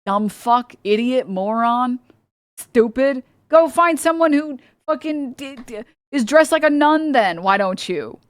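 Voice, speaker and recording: A woman's voice: sits high, lively intonation, measured pace, no echo, clean studio sound. A woman streamer ranting in casual commentary, blunt, profane and sarcastic, rambling with lots of filler words. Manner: rambling with many filler likes.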